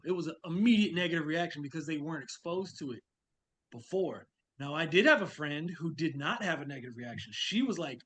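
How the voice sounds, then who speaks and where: A man from Louisiana, appearing as a guest in a conversational interview, speaks frankly and tells stories from his own life, acting out quoted remarks. His voice is a little high, fairly bright and expressive, and he talks fairly quickly. There's a little hiss or hum on the audio.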